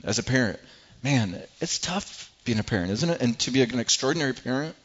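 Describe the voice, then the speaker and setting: A middle-aged male pastor delivers a sermon in an earnest, conversational way, often doubling words as he works toward a point. His voice sits on the low side. The recording is dull and lo-fi. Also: expressive, quick pace, husky. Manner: earnest, repeats words when building a point.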